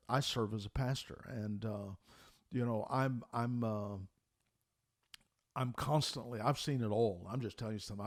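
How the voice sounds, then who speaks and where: A man's voice: medium pitch, a little mellow. A middle-aged male pastor preaching a sermon, telling stories in an emphatic, folksy way with frequent restarts.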